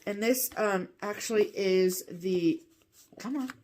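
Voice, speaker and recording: A woman co-hosting a cross-stitch show, chatting casually and gushing with excitement over what she shows. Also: medium pitch, slow, slight background noise. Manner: gushing, enthusiastic. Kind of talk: casual show-and-tell chat.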